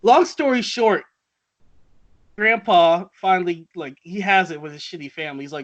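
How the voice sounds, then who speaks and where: A man co-hosting a casual podcast chat, animated and laughing, often mimicking movie characters. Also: high voice, moderate pace, dull audio. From Trinidad. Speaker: podcast co-host.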